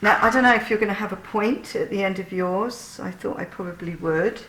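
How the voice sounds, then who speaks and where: A woman's voice: medium pitch, a little fast, roomy sound, background noise. A woman chatting through a sewing tutorial, laughing often and poking fun at herself.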